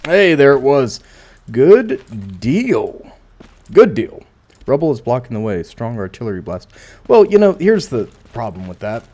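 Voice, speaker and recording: A man casually commentates while playing a video game, musing aloud and tossing in dry asides. His mid-range voice has a sing-song lilt and a darkish tone, and he keeps a measured pace.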